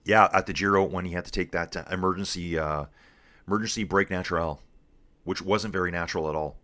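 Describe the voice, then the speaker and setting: Laid-back low-voiced man calling everyone dude. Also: steady tone, fairly quick, bright, forceful tone. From Canada. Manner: laid-back, calls everyone dude, reads chat aloud. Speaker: live stream host. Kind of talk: casual live race commentary and chat.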